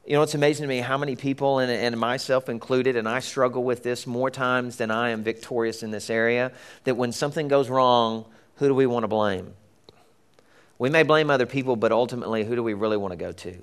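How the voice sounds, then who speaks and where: A man's voice: medium pitch, moderate pace, a bit bright. Middle-aged male preacher, casual storytelling sermon. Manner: conversational storytelling with laughs and acted-out voices.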